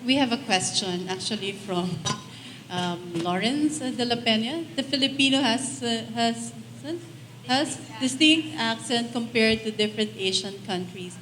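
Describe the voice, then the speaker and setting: A woman's voice: a little high, measured pace. A woman moderating a panel, politely reading questions and inviting the floor. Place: large event hall. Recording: echoey hall, noise behind.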